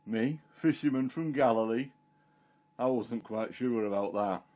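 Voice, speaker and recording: A man's voice: medium pitch, measured pace, a little mellow, close to an everyday voice. Peter the fisherman, plain-spoken and chatty , played by a man, first-person monologue. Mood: excited. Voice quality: homely dialect storytelling, plain and chatty. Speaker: Christian storyteller in character.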